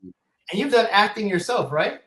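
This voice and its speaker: A podcast host steering a casual interview and pressing the guest for examples. The voice is mid-pitched, and the room echo is clearly heard. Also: very animated, measured pace, a bit bright, slight background noise. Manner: prompting, asks the guest for demonstrations.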